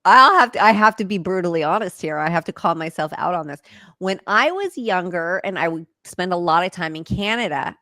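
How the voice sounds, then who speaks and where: A woman's voice: on the low side, expressive, a little fast, bright, forceful tone, no echo, clean studio sound. Candid, blunt woman co-host. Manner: candid, blunt, laughs often. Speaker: podcast co-host. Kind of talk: casual chat.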